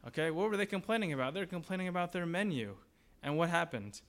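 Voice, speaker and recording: A man's voice: sits high, expressive, fast talker, fairly bright tone. A man preaching a sermon as pastor, in a conversational way, asking the congregation questions and briefly acting out grumbling voices.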